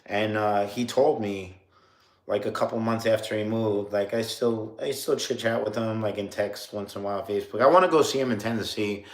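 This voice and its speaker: Here the late-thirties New York streamer speaks in a lowish voice at a fairly quick clip. He meanders through a story on a casual livestream, peppering it with fillers and laughing at himself, all with a roomy echo.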